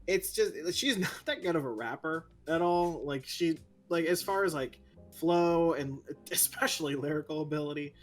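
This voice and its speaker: A man's voice: a little high, normal speed, soft background music. Young man ranting with opinions. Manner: opinionated, animated ranting with laughs. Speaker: co-host. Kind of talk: casual chat.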